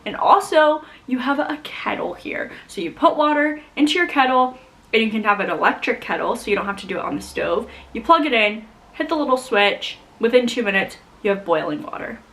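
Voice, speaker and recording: A young woman from the United States chatting casually to camera as a vlogger, animated and full of "like". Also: a little high, brisk, low-quality recording. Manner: chatty, animated, heavy use of "like". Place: home in Scotland.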